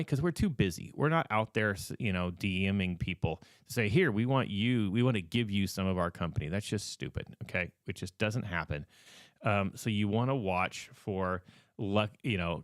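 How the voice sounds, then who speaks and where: A man's voice: fairly low pitch, a bit bright, no room sound, studio quality. A man hosting a podcast who is losing his voice, giving casual advice with emphatic, repetitive warnings and many fillers. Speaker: podcast host.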